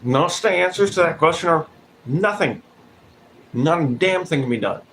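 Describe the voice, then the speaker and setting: A man's voice: on the high side, animated, moderate pace, a bit bright, rough recording. A man giving blunt, profane commentary in a casual vlog, calling people out directly. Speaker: vlogger. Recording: noticeable background noise.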